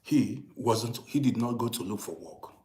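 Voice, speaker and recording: A middle-aged man telling a long personal story in a casual monologue, swinging from hushed asides to loud, emphatic points. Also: mid-range voice, lively intonation, unhurried. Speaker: storyteller host. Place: living abroad in Germany.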